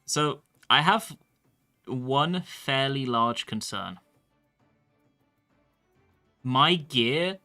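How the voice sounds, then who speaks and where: A man's voice: mid-range voice, expressive, extremely slow, pauses often, sharp tone, faint music behind. A male streamer chatting casually about his game and reading chat messages aloud. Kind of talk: live-stream gameplay commentary.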